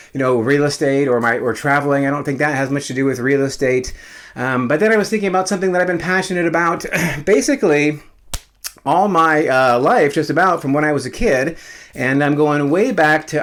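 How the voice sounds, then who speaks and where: A man's voice: mid-range voice, a bit bright. A realtor in his fifties talking casually on his own vlog. He rambles with many fillers and is still slightly out of breath after a workout. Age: 50s.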